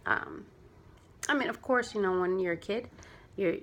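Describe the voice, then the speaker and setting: A woman's voice: medium pitch, moderate pace, a bit bright. A chatty, earnest young adult woman talking casually in a heartfelt vlog, rambling a little as she explains why she sells clothing. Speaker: vlogger and clothing seller.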